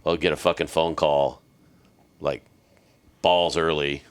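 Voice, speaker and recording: A man's voice: very deep voice, level tone, slow pace, clean tone. A man hosting a podcast, telling a war story bluntly and casually, swearing constantly. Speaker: podcast host, military veteran.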